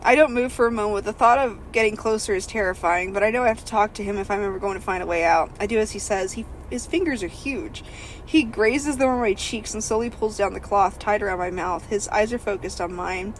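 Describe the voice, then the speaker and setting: A woman's voice: mid-range voice, brisk, slight background noise, poor audio. A woman hosting a comedy podcast, reading a novel aloud in first person and breaking off with jokes. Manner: reads in first person, breaks into laughter and asides.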